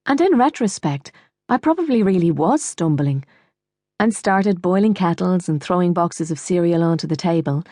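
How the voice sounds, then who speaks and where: A woman's voice: lowish voice, warm tone, dry recording. A woman with an Irish accent narrating a novel in the first person, wry and dry. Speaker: audiobook narrator. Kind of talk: scripted narration.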